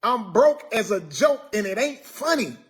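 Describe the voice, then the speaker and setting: His voice sits high and swings widely in pitch, moving at a measured pace. In a casual live stream rant, he vents to viewers with exasperated humor, saying things over again and ending them with "man."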